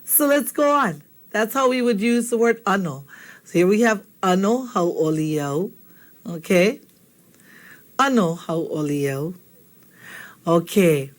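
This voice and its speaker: A woman's voice: mid-range voice, animated, slow, long pauses. A woman teaching a spoken language lesson, patient and encouraging, often checking in with the learner. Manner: patient, repeats and checks in with "okay?".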